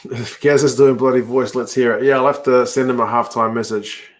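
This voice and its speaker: A man's voice: mid-range voice, fairly even intonation, brisk. A man hosting a casual rugby watch-along, reacting aloud to the play and chatting with viewers.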